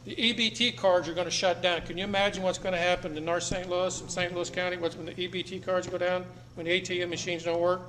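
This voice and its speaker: A man's voice: high voice, level tone, fast, hardly any pauses, fairly bright tone. A middle-aged man giving a live talk to an audience, blunt and emphatic, hammering points home by repeating them. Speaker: speaker addressing an audience. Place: meeting room with seated audience. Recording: echoey room, faint background noise.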